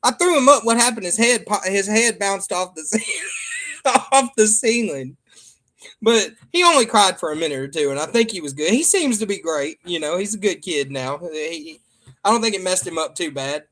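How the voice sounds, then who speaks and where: A man's voice: high-pitched, animated, moderate pace, fairly bright tone. A man with a Southern American accent chatting casually to viewers as a father and streamer, joking and trailing off with ums. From Michigan. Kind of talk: casual rambling chat to viewers.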